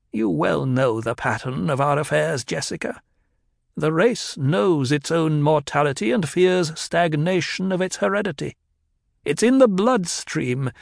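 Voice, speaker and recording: A man's voice: fairly high pitch, gravelly, dry recording, studio quality, pitched above the performer's own voice, heavily acted. A man voicing a stern, snappish old woman who sneers and lectures with cruel mimicry, in an audiobook reading.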